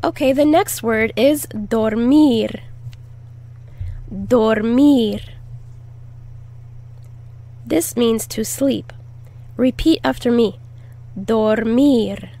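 A woman leads a language lesson at a very slow, deliberate pace, repeating each word carefully so learners can copy it. Her voice sits a little high and has a gravelly edge. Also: warm tone. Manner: repeats words slowly and deliberately, stressing syllables. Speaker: Spanish teacher.

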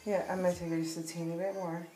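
A woman's voice: lowish voice, little pitch movement, fast talker. A middle-aged woman, a mother doing makeup on camera, chatting casually in a playful, giggly, slightly unsure way. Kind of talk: casual chat. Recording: roomy home room echo.

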